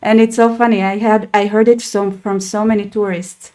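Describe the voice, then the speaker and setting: A young Israeli woman hosts a casual chat in a mid-range, slightly mellow voice that stays fairly flat in pitch, at a moderate pace. She talks loosely, peppering her speech with "like" and restarts, over slight background noise.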